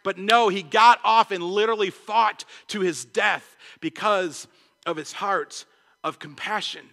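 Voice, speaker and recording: A young man preaching a sermon, passionate and quick, stumbling through restarts and acting out little quoted exchanges. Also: high-pitched, vocal fry, sharp tone. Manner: passionate, fast-talking preacher with many restarts and acted quotes. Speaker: pastor. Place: church sanctuary. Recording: long church hall reverb.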